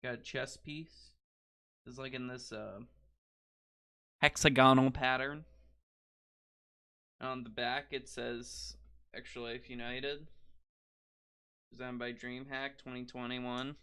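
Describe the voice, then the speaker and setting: A teenage boy hosts a casual podcast, rambling along laid-back with a gravelly edge to his voice. His tone is crisp and clear, recorded dry on a desk mic with no room sound. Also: mid-range voice, flat delivery, slow pace, pauses often, pushed and bright, no room sound. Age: teens. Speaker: podcast host. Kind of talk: casual chat.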